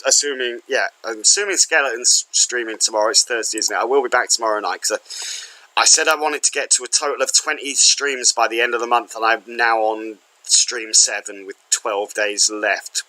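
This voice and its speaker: A man's voice: lowish voice, pushed and bright, low-quality recording. A man chatting casually to viewers at the end of a livestream, rambling and self-deprecating. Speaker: streamer.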